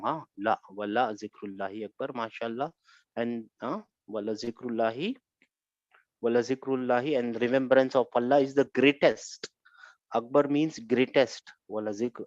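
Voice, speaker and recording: A man's voice: medium pitch, a little mellow, no echo. Man teaching a grammar class, dull sound. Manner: repeats phrases and checks on students with "huh?". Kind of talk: live online class teaching.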